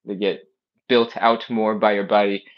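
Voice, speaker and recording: A man's voice: lowish voice, flat delivery, normal speed, dull audio. Upbeat man coaching a live stretch class. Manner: casual, upbeat coaching with frequent "all right?" checks; cues exercises while doing them on the floor. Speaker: fitness instructor.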